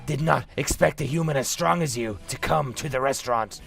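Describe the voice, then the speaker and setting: A man's voice: medium pitch, fairly quick, creaky, a bit bright, faint music behind. A man voicing a suave, sinister male doctor villain in a formal, pompous manner while reading a game aloud. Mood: cornered. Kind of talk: let's play reading a dating game.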